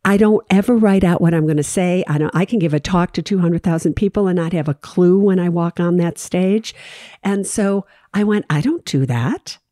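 A woman's voice: lowish voice, fairly even intonation, moderate pace, dark tone, no echo, studio quality. A woman hosting a money advice show, speaking directly and emphatically to her listeners and repeating key phrases for weight. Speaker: financial advice host.

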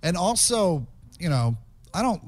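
Male comedian guest, mid voice, dry close mic, swears through animated stories. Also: high voice, measured pace, no echo. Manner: profane, animated anecdotes. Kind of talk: casual storytelling interview.

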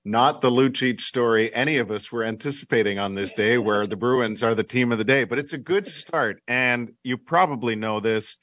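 A man's voice: mid-range voice, normal speed, few pauses, fairly bright tone, dry recording. A man hosting a sports talk show, wry and teasing as he steers the segment. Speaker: radio host.

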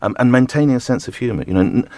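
A man's voice: medium pitch, rapid-fire, dark tone, no echo. A middle-aged man, a breakfast radio host, talking frankly and joking in a casual interview, with lots of restarts and the odd swear word.

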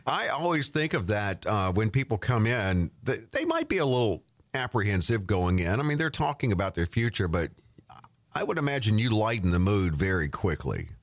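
Lively male radio host. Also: on the low side, normal speed, no room sound. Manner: lively, promotional, reads phone numbers. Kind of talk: radio talk show hosting.

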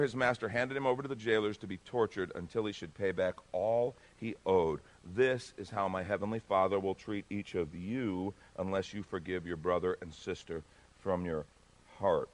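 A male pastor preaching a sermon, emphatic and animated, swinging between loud bursts and hushed asides. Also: lowish voice.

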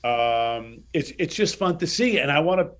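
Speaking at normal speed with a fairly high pitch, a sixty-something man guesting on an interview shares anecdotes. He's casual and animated, performing the dialogue as he goes.

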